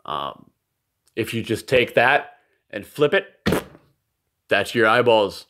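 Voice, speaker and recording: At home in a room lit by a nightlight, a father films a casual video message, drifting from thought to thought, apologizing often, and occasionally swearing and ranting. His voice is on the low side, sing-song, slow, and a bit bright.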